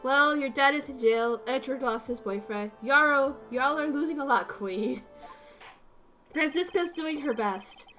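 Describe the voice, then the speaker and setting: Woman streamer, high voice, sarcastic and swearing, faint music. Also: measured pace, sharp tone. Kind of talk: casual commentary over a game.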